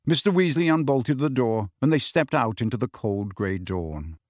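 A man narrating an audiobook in an expressive, lively reading. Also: medium pitch, normal speed, no echo, studio quality.

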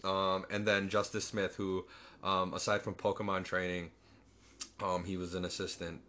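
A man's voice: sits low, little pitch movement, normal speed, sharp tone, slight background noise. A man casually recapping a film, rambling and swearing as he acts out scenes. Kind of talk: casual movie recap chat.

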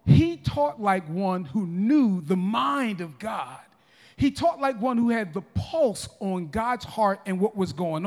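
A man in his forties preaching a sermon as pastor, emphatic, with frequent restarts and calls to the congregation. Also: high-pitched. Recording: long reverb of a large hall.

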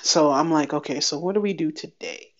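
A woman giving a candid personal update on her podcast, chatty and wry, acting out bits of a conversation in quick animated bursts. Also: sits low. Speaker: podcast host. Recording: slightly dull lo-fi sound.

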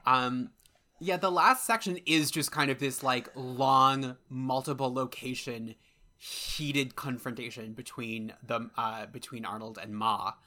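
Bright-voiced man chatting animatedly. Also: medium pitch, unhurried. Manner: animated, jokey, breaks into an impression of a character. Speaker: podcast co-host. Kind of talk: casual chat about a film.

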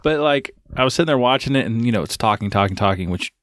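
A man chatting casually with a friend, recounting his experiences in a relaxed way and acting out his own thoughts. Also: mid-range voice, fast talker, dry recording, clean studio sound. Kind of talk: casual chat.

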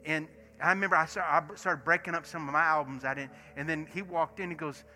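A man, a pastor preaching in church and acting out stories, swinging from hushed asides to loud bursts. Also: a little high, fairly quick. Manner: animated storyteller, acts out dialogue, swings from hushed to shouting. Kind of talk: sermon with storytelling. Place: church sanctuary. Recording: music playing behind sermon. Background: soft worship music.

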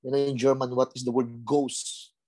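A man from the Philippines with a Filipino accent, preaching a lively sermon full of rhetorical questions. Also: medium pitch, moderate pace, no echo. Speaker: pastor.

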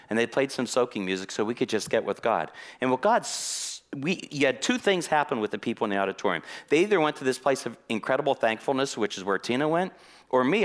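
A man preaching a sermon in a church, telling a personal story in a lively way and acting out the conversations in it. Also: mid-range voice. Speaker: guest preacher.

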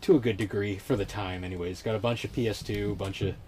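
A man's voice: on the low side, steady tone, fast, a crowd in the background. A young man hosting a podcast in laid-back, rambling casual chat. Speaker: podcast host.

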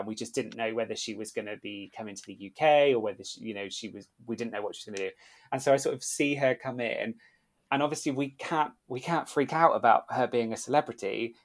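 Man telling animated stories. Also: mid-range voice. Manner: animated storyteller, acts out quoted voices. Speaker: podcast guest, former theme park worker. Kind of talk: casual storytelling chat.

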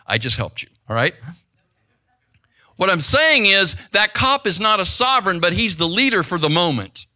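A man's voice: high voice, moderate pace. A middle-aged man talking in a conversational monologue, telling stories with animation and often checking in with the listener. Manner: animated storytelling, rhetorical check-ins with the listener. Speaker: speaker giving advice.

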